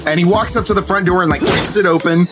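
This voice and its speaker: A man's voice: sits high, fast, over loud music. A man narrating a tabletop game as game master, casual with fillers.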